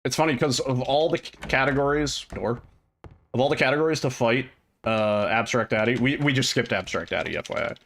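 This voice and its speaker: A man's voice: mid-range voice, brisk, gravelly, fairly bright tone, a little hiss or hum. A man chatting casually and rambling while streaming a game, now and then swearing at it. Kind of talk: casual gameplay chat.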